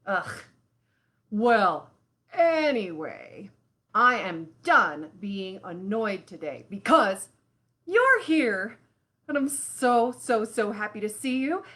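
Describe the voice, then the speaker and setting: A woman hosting a live children's lesson, talking straight to the kids in an expressive way full of sighs and exclamations. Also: medium pitch, slow. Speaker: children's show host.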